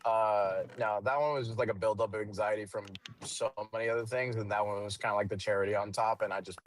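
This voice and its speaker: Low-voiced man chatting hesitantly. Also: fairly even intonation, fast talker, slight background noise. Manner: brief agreeing replies, hesitant when he talks about himself. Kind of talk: casual chat.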